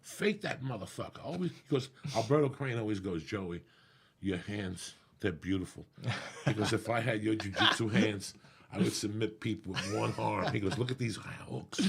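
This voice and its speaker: A man with a raspy, gravelly voice, telling stories in casual chat as a comedian guest, swearing freely and acting out what people said. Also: fairly low pitch, slight background noise. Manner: profane, animated storyteller acting out quotes.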